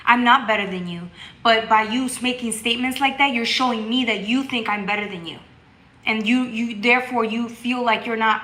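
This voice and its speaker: A woman hosting a tarot livestream, chatting casually and bluntly with viewers. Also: a little high. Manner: blunt and scolding, reads chat aloud, bursts into loud laughter. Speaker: tarot reader and livestream host.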